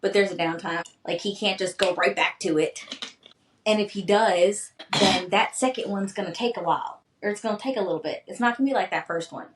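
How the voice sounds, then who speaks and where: A woman co-hosting a podcast, chatting casually and bluntly about a book she has read, with crude, animated retellings of its scenes. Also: mid-range voice, fairly quick, echoey room, recorded from a distance, slight background noise. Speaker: podcast co-host. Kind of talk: casual book-review chat.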